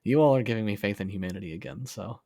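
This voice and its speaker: A young man chatting casually on a livestream, reading comments in a soft, affectionate way and laughing often. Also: fairly low pitch, very fast, vocal fry, no echo, studio quality. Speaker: streamer.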